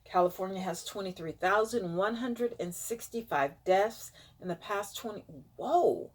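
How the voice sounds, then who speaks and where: A woman vlogger talks slowly and unhurriedly, reading numbers aloud to her viewers. Her nose is stuffed up, and her dismay shows as she now and then drops to a hushed whisper. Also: mid-range voice. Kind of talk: casual vlog reading statistics aloud.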